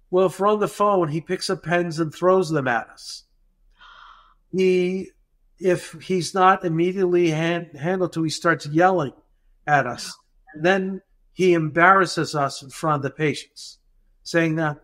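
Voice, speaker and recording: Animated man telling a story. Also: a little high, a little slow. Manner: animated, acts out dialogue in the retelling. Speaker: dental practice consultant. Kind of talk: storytelling anecdote in a podcast interview.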